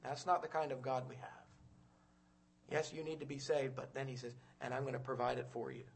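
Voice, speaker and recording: A man preaching a sermon, swinging from loud urgent calls to quiet hushed storytelling and often repeating words as he goes. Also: mid-range voice, flat delivery, brisk, vocal fry, breathy edge.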